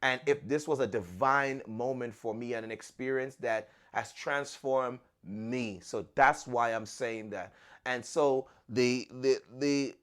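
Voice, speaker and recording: A man's voice: mid-range voice, unhurried, fairly bright tone, smooth. A man hosting a podcast, telling a personal story in an earnest, conversational way and often repeating words as he restarts. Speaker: podcast host.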